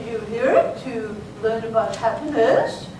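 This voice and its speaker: A woman's voice: on the high side, darkish tone. A woman voicing a noble French male meditation guru with a put-on French accent. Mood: serene. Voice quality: slow, hard to follow. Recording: echoey hall, far mic, noisy.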